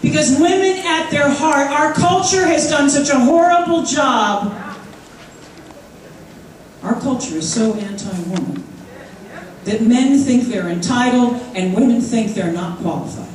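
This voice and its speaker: A woman in her fifties giving an energetic, joking conference speech, rousing the crowd with call-and-response. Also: on the high side, unhurried, a little hiss or hum. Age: 50s. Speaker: conference speaker. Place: large conference hall. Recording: echoey hall from far off, faint crowd.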